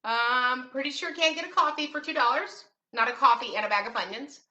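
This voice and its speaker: A middle-aged woman, a special education advocate, hosts a show on parents' rights, talking casually to camera with sarcastic, teasing asides. Her voice is high, a little fast, bright, and forceful, though the recording is muffled.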